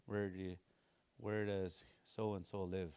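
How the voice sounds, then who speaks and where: A man teaching a language class, slowly repeating phrases to drill pronunciation, with casual, folksy explanations. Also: low-pitched, flat delivery, a little mellow, clean tone.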